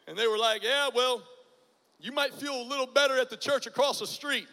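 High bright-voiced preacher in a reverberant hall. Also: male voice, fairly even intonation, a little fast. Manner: dramatic, swings from hushed to loud bursts. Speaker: guest preacher. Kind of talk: testimony sermon.

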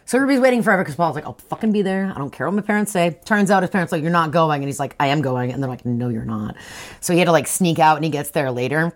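A young woman co-hosting a casual book discussion, retelling the plot with animated, laughing asides and swearing, acting out characters as she goes. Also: sits low, very fast. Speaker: podcast co-host.

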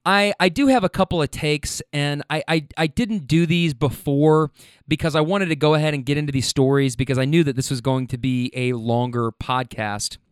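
Young male podcast host, slightly high and smooth voice, loose, profane storyteller, dry close sound. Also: fairly even intonation, normal speed, no room sound. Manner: rambling, profane, keeps checking in with listeners. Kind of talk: casual storytelling.

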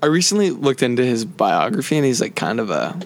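A man's voice: mid-range voice, sing-song, a little fast, a little hiss or hum. A man co-hosting a podcast in casual chat, earnest and agreeable. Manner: earnest, agreeable, laughs easily. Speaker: podcast co-host.

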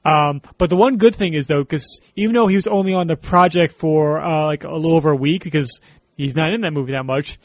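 A man's voice: fairly high pitch, fairly quick, no room sound. A man co-hosting a casual movie commentary, chatty and sharing trivia with frequent laughs. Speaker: film commentary co-host.

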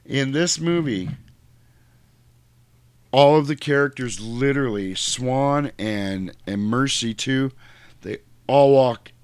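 A man talks through film scenes in a loose, profane, animated way. He is close to the mic, with a dry sound and no room around it. His pitch sits in the middle for a man. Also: takes it slowly, long pauses, smooth, no room sound. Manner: crude, animated retelling with shrill mock voices. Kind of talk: casual movie chat.

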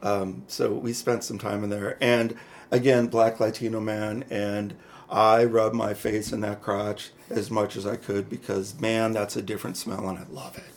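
A man's voice: on the low side, flat delivery, normal speed, a little hiss or hum. A man co-hosting a podcast, telling personal stories to his friends in a frank, chatty way. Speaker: podcast co-host. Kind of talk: candid personal storytelling.

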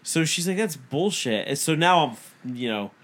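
This podcast co-host in his thirties has a fairly high-pitched voice and a normal speaking rate. Chatting casually, he tells a story laced with swearing and acts out the quoted lines of both people.

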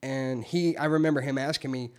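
A man telling his recovery story in casual, candid talk, swearing freely and getting animated when he quotes himself. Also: mid-range voice, a little fast, smooth.

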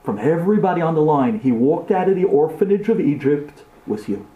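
A man giving an impassioned inspirational talk, acting out scenes dramatically and swinging between loud outbursts and hushed passages. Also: on the high side, animated, fairly quick, phone-quality sound. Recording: roomy echo.

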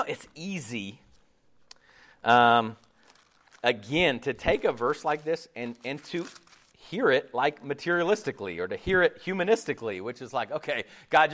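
A man preaching a sermon in an animated way, checking in with his listeners often. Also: mid-range voice. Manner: animated, acts out quoted voices, checks in with "right?" and "okay?".

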